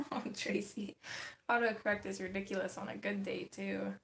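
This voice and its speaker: A woman's voice: mid-range voice, level tone, normal speed, vocal fry, a bit bright. A woman hosting a casual livestream, chatting to her viewers and talking to her cat. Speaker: livestream host. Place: home desk, indoors. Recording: echoey room with faint noise.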